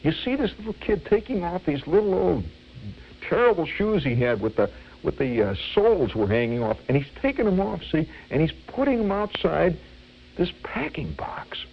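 An older man telling a childhood memory as a vivid, animated radio storyteller. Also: on the high side, moderate pace, muffled recording, a little hiss or hum.

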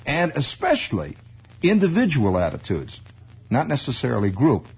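Man, husky breathy voice, wry rambling comic monologue, digressive, dull lo-fi old radio sound. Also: medium pitch, wildly swooping pitch, moderate pace.

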